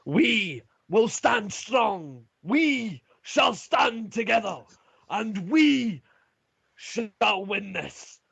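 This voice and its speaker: A man voicing a bold male war commander who rallies his troops with shouted battle cries. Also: sits high, expressive, drawn-out words, creaky, slightly rough, no room sound, voice pushed up, exaggerated voice. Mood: rallying.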